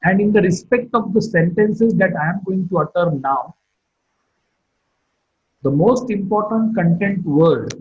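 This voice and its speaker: Slow, husky-voiced male phonetics lecturer. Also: sits high. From India. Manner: slow, deliberate teaching delivery with drawn-out demonstration sentences. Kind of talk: recorded online lecture. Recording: dull lo-fi lecture recording.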